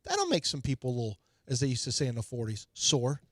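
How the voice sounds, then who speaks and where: A man hosting a sports radio show in casual banter, opinionated and quick to mock with high voices. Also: huge pitch swings, fairly bright tone, dry recording, studio quality. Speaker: radio sports talk host. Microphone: studio microphone.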